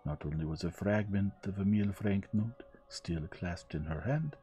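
A man's voice: deep voice, dark tone, soft background music, lightly acted. A man voicing a fussy, precise older Belgian male detective who lays out his reasoning step by step. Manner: measured, explaining step by step.

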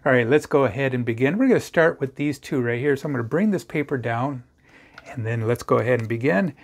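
A man's voice: mid-range voice, fast. A middle-aged man casually talking young viewers through a math lesson, chatty and playful. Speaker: math teacher.

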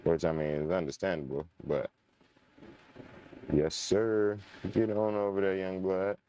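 A man's voice: low-pitched, level tone, unhurried, warm tone, clean tone. A young man casually commenting while playing a game, chatting to his viewers and muttering when frustrated. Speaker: gaming channel host. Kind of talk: casual let's-play commentary.

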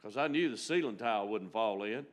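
A man preaching a storytelling sermon in a church, folksy and emotional, rising loud and dropping to a near-hush. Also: fairly low pitch, lively intonation, fairly quick. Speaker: guest preacher. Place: church sanctuary.

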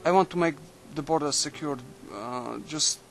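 A young man quietly musing aloud while playing a strategy game, halting and thinking out loud. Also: fairly high pitch, faint music behind, poor audio. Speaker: video game commentator. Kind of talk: late-night let's play commentary.

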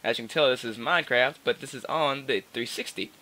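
A gaming channel host talks a little fast at medium pitch, his tone sharp. Into his personal microphone he rambles through casual gameplay commentary packed with fillers and restarts.

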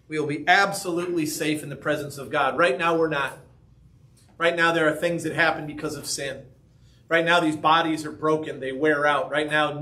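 A man's voice: fairly high pitch, sharp tone. A man preaching a sermon as pastor, talking conversationally and often checking in with "right?" and "okay?". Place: church sanctuary.

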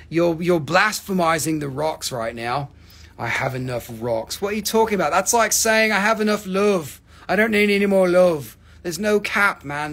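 A man's voice: high voice, gravelly, fairly bright tone. A man hosting a live crystal sale, joking and teasing viewers, swearing freely and acting out mock despair over his own discounts. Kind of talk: joking live sales chat.

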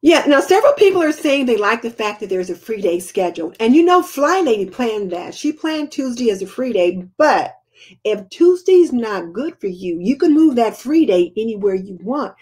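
A woman's voice: fairly high pitch, sing-song, moderate pace, darkish tone, slightly rough. An older woman, chatting casually as host of a live homemaking Q&A and answering viewer comments.

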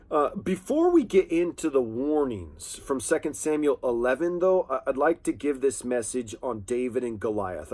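A man's voice: fairly high pitch, darkish tone. A man preaching a sermon in an impassioned, emphatic way, repeating key phrases.

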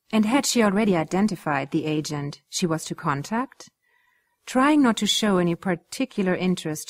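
A woman narrating a novel excerpt in a steady, even storytelling manner. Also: lowish voice. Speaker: audiobook reader. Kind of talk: scripted narration.

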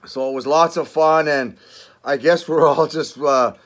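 A man's voice: a little high, fairly even intonation, unhurried. An older man with a Canadian accent, chatting casually in a vlog, rambling, swearing and laughing often. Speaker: vlogger. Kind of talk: casual chat.

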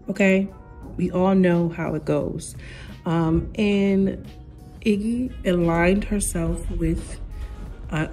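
A woman vlogger giving sassy, blunt opinion commentary in casual talk. Her voice sits a bit low, with a warm, mellow tone. She talks straight to her viewers, with faint music underneath.

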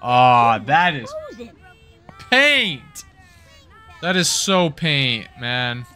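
A man talking through a baseball video game in casual, excitable commentary, cheering his players on by name. His voice is bright and forward, and he speaks in a slow, drawn-out way. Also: mid-range voice. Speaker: gaming channel host.

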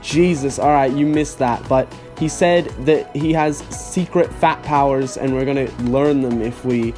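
A man's voice: medium pitch, a little slow, darkish tone, soft background music. A young man commenting on a game he is playing, with sarcastic, incredulous reactions. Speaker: gaming YouTuber. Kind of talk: let's play commentary.

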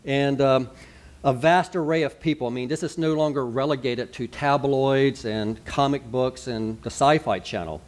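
A man's voice: mid-range voice, moderate pace. A man, a pastor giving a sermon in a chatty, conversational way, full of asides and rhetorical questions.

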